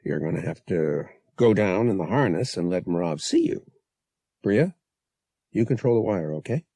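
A man's voice: sits low, sing-song, moderate pace, gravelly, warm tone, slightly rough, no echo, clean studio sound, exaggerated voice. Man playing a brash, cocky young pilot. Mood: commanding. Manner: casual slang, barked orders.

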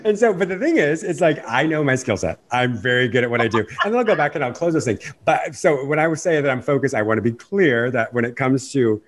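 A man speaking as an interview guest in a fast, animated way, acting out the questions he asks himself. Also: medium pitch, slight background noise. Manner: fast-talking, animated, acts out inner questions. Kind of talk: conversational interview.

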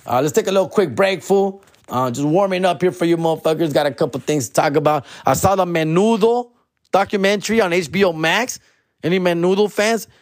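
A man's voice: high voice, a little fast, dry recording, studio quality. A man, a comedian host riffing in a profane, slangy monologue and ending lines with "fool" and "dog". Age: 40s.

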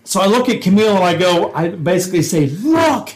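A man's voice: high-pitched, quick pace, heavy background noise. A man co-hosting a podcast, a former police officer telling a workplace prank story, laughing through the punchlines and acting out quotes. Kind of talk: casual storytelling chat.

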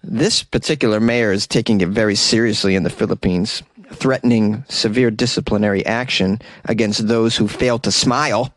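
A man's voice: lowish voice, moderate pace, dry recording, studio quality. A man hosting a casual comedic news commentary show, reading stories and cracking wry jokes, laughing at his own asides and stumbling over foreign names.

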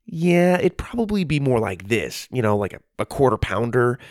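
A man's voice: medium pitch, very animated, normal speed, darkish tone, no echo, studio quality, lightly acted. A man voicing an earnest young space cadet boy who speaks in a hesitant, stumbling way in a storybook reading. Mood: fumbling.

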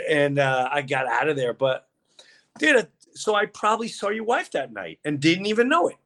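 Podcast host, man, slightly high voice, lively storyteller. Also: normal speed. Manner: animated, acts out voices in his stories. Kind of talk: casual storytelling chat.

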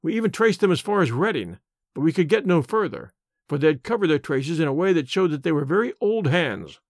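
Male reader voices a bluff police inspector: brisk, hearty, lively in tone. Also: fairly high pitch, dry recording, studio quality. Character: bluff, confident Victorian police inspector man.

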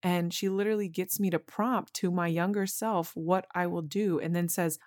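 Podcast host, woman, 30s, lowish voice, earnest and emotional storytelling, dry close recording. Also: steady tone, moderate pace, few pauses, a little mellow, no room sound. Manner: emotional, earnest, addresses listeners as y'all. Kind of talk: personal storytelling monologue.

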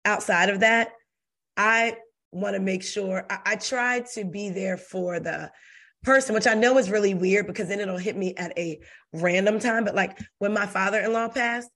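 A middle-aged woman with a slightly bright, mid-range voice chats casually on a podcast. She tells reflective stories in quick, chatty bursts.

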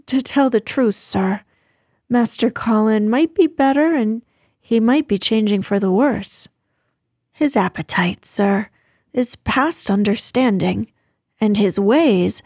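A woman's voice: a little high, takes it slowly, a little mellow, slightly rough, no echo, clean studio sound, heavily acted. A woman reading the lines of a flustered, deferential middle-aged housekeeper who speaks in a fussy, hesitant way.

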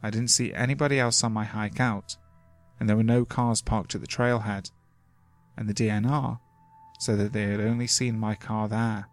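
A man reading first-person scary stories from the woods as scripted horror narration, steady and measured. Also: lowish voice. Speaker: creepypasta narrator. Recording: faint music underneath.

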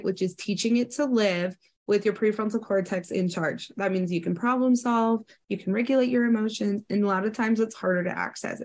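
A woman in her thirties talks through ideas in relaxed conversation. She explains step by step and now and then acts out short quoted lines. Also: mid-range voice. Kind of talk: casual educational chat.

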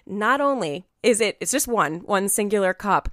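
A woman's voice: mid-range voice, expressive, normal speed, a bit bright, dry recording, studio quality. A woman co-hosting a podcast, chatting casually and telling a story with lots of acted-out quotes. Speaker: podcast co-host.

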